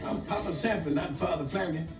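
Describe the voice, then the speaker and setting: A man's voice: on the high side, quick pace, loud music behind the voice, close to an everyday voice. An actor playing a cantankerous, scheming old junk-dealer father, in his sixties, delivering wry wisecracks in a 1970s sitcom, heard through old, roomy, distant audio with a studio laugh track. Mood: wisecracking. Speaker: sitcom character.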